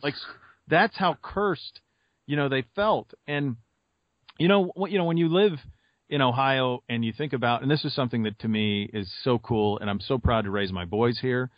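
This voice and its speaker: A man in his thirties from Montana chats on a sports podcast and tells his stories with lots of fillers. He sounds like he is in a dead, dry space, and the sound is slightly dull. His voice sits at a middle pitch. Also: fairly quick, no echo. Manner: animated storyteller, rambling with fillers. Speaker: podcast co-host and sports radio host. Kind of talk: casual podcast chat.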